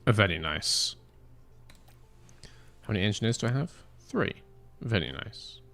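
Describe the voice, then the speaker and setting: A man's voice: lowish voice, big pitch swings, a little slow, creaky, pushed and bright, soft background music. A young man streaming a racing management game, chatting casually with joking banter and mock outrage. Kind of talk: casual live-stream chat.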